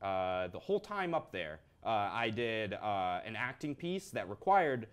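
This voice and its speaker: A young man co-hosting a casual chat, with dry, deadpan jokes. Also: lowish voice, measured pace. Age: young adult.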